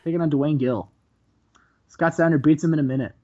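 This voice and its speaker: Animated man narrating a game, dull mic. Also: on the high side, fairly quick. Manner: animated storytelling, quotes characters, laughs often. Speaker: host. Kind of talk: comedic let's-play commentary.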